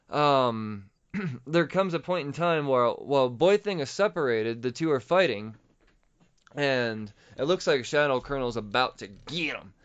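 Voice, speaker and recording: A man hosting a podcast, recapping a comic book story in a rambling, excited and profane way. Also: mid-range voice, smooth. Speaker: podcast host. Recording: dull lo-fi audio.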